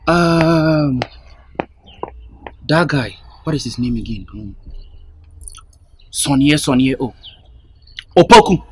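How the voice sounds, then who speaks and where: A man's voice: on the high side, lively intonation, slow pace, long pauses, slight background noise. A man acting in a comedy sketch, earnestly warning and advising someone.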